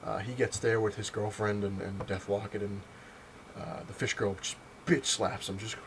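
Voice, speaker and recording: A man's voice: on the low side, fairly even intonation, normal speed, a little hiss or hum, rough recording. A man casually rambling through a comic book review at home, with lots of fillers and retold dialogue. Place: home, on a couch.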